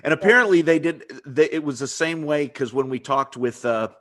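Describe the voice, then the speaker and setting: A man's voice: on the high side, a little fast, a bit bright. Chatty laughing male podcast host. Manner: rambling, laughs often, many restarts. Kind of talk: casual interview chat.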